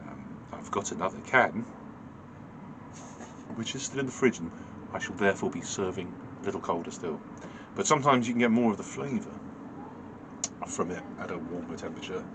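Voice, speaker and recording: A man with a very low voice talks through a beer review, dry and understated, stopping often to hum and search for words. A steady hiss of noise sits clearly behind him. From United Kingdom. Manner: dry, understated, musing with many fillers and self-corrections. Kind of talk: casual beer review vlog.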